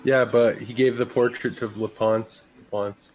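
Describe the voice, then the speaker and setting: A man's voice: mid-range voice, flat delivery, moderate pace, darkish tone, slight background noise, poor audio. A man playing a tabletop game, answering in a terse, matter-of-fact way. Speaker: player. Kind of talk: casual chat at a tabletop game.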